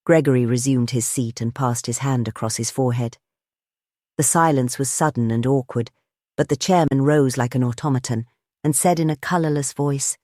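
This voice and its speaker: Measured audiobook narrator, dry sound. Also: mid-range voice, darkish tone, no echo. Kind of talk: scripted narration.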